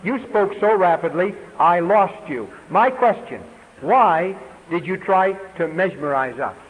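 A man reading audience questions aloud to a preacher, slowly and deliberately. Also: high-pitched, expressive, narrow, tinny audio. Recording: reverberant hall, faint hiss.

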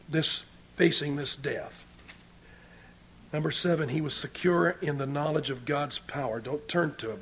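A man preaching a sermon, moving between loud emphatic points and quiet asides to the congregation. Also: high-pitched, creaky, husky.

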